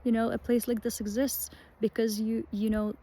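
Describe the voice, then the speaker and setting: A woman's voice: fairly high pitch, level tone, moderate pace, mellow, slight background noise. A woman rambling casually and emotionally in a spiritual vlog, with many fillers and restarts, talking outdoors in a pine forest. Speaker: vlogger.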